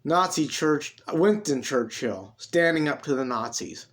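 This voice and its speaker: A man reading his own dramatic story aloud, expressive and swinging between loud and hushed delivery. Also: a little high, a little slow.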